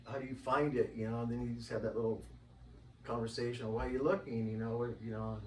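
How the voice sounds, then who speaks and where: Man, rambling casual talk, animated storyteller, echoey room, mic at a distance. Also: medium pitch, fast talker, slight background noise. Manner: rambling, animated, acts out quoted voices. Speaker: interview guest. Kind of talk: casual conversation. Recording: roomy, distant mic, faint ambience.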